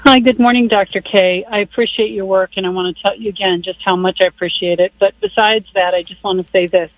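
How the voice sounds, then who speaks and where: A man's voice: high-pitched, steady tone, quick pace, a bit bright, no echo. A man calling in to a radio show, speaking earnestly and politely. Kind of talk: call-in phone comment. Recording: muffled phone line.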